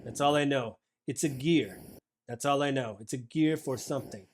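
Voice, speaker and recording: A man's voice: medium pitch, normal speed, a little hiss or hum, lightly acted. A man voicing a flustered female shopkeeper and potion maker who stammers and keeps asking the listener to hang on.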